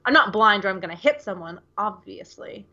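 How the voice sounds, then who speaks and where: Speaking fairly quickly and with animation, this American podcast co-host has a sharp, mid-range voice and rambles through casual chat packed with fillers. The audio lacks its high frequencies.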